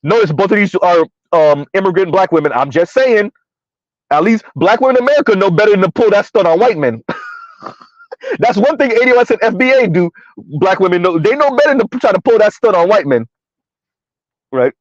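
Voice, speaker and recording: A high-voiced man doing blunt, mocking live-stream commentary and reading chat comments, laughing often. His voice sounds dull and lo-fi. The recording is dry and close. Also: animated, fairly quick, dry recording. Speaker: online commentator.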